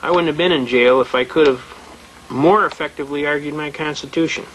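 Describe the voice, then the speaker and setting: A man's voice: a little high, fairly quick, fairly bright tone, a little hiss or hum, low-quality recording. An older man giving a plain-spoken, emphatic lecture to a live audience, telling anecdotes as he goes. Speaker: seminar speaker on constitutional rights.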